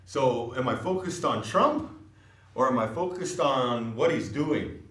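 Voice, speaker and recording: In a language class, a lively male teacher explains things patiently and keeps checking that everyone is following. He has a medium-pitched voice and a measured pace, recorded from a distance in a reverberant room.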